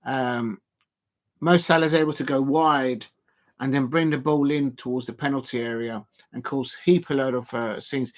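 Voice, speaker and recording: A man's voice: mid-range voice, fairly even intonation, normal speed. A man hosting a live football watch-along, chatting loosely to viewers and filling gaps with ums and restarts. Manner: rambling, full of fillers and restarts, talking to chat viewers.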